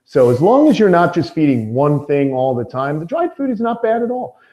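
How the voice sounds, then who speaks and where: A man's voice: a little high, very animated, normal speed, warm tone. A man hosting a casual live stream about reptiles, rambling and upbeat, with lots of fillers, greeting viewers by name. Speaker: reptile keeper and channel host.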